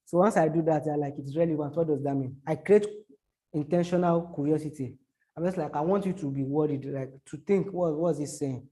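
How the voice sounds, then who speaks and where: A man teaches online marketing in a halting, repetitive way. His voice sits fairly high but sounds mellow and soft-edged. He keeps breaking off to act out short examples. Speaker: social media marketing teacher. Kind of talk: explaining to a small audience.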